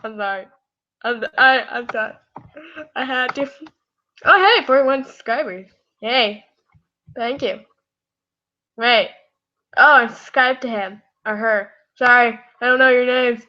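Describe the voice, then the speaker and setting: A woman's voice: on the high side, measured pace, long pauses, bright, forceful tone. A woman casually reading fan fiction aloud on a live stream, rambling and apologizing, tired with a scratchy throat. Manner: giggly, rambling, apologetic asides. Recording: muffled lo-fi audio.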